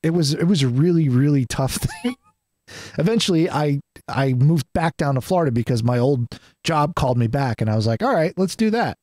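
A man's voice: mid-range voice, fairly quick, a little mellow, no echo. A man telling a long personal story in casual podcast conversation, rambling, swearing freely and restarting his sentences. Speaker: podcast guest.

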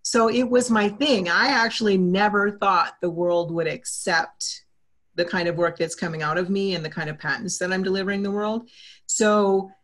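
Brief: talkative woman guest, mid-pitched, animated, chatty interview voice. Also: moderate pace. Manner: animated, talkative, acts out quoted exchanges. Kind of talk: casual interview talk.

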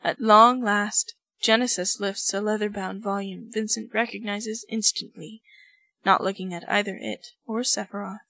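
A woman's voice: mid-range voice, fairly even intonation, normal speed, bright, forceful tone, no room sound, rough recording. Woman reading fan fiction aloud, dry audio. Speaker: podfic reader.

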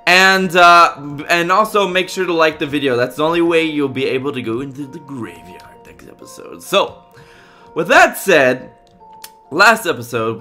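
A man hosting a game video in casual let's-play commentary, thinking aloud with many fillers, going from loud upbeat asides to quiet muttering. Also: mid-range voice. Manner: loud upbeat openings, then muttering to himself while searching. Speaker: gaming video host.

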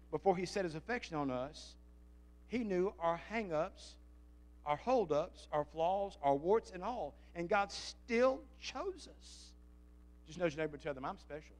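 A man preaching a fervent sermon as pastor, calling out to the congregation for responses. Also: a little high. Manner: fervent, calls for audience response.

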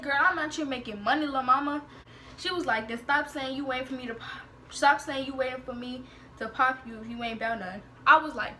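A woman's voice: fairly high pitch, a little hiss or hum. A young woman vlogger, sassily retelling social media drama in a storytime vlog. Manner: sassy, animated retelling with slang and quoted exchanges.

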